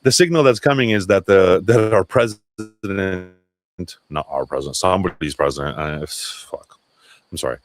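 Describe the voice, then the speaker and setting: A man's voice: deep voice, moderate pace. A man hosting a casual livestream chat, talking loosely with swearing and restarts. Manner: loose, profane, self-interrupting. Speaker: livestream host.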